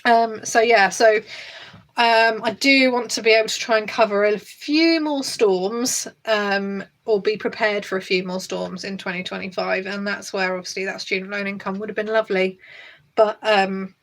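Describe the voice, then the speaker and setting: A woman's voice: medium pitch, fairly even intonation, normal speed. A young woman hosting a budgeting channel, chatting casually to camera in a rambling way with many fillers and restarts.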